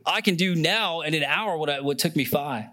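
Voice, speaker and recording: A man's voice: fairly high pitch, normal speed, bright, forceful tone. A young man preaching a sermon in an earnest, conversational way, often emotional and near tears, with many fillers and restarts. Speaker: pastor.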